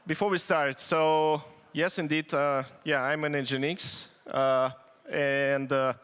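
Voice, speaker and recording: A man with a Russian accent giving a conference tech talk, halting with many fillers and restarts and dry joking asides. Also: fairly high pitch, flat delivery, fairly bright tone, smooth. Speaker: conference speaker. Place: conference hall stage. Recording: long hall reverb.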